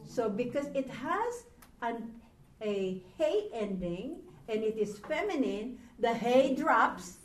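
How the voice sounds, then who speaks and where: A woman's voice: on the high side, very animated, slow. A woman teaching a Hebrew grammar lesson to a class, patient and asking the students questions. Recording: roomy, from far off, faint noise.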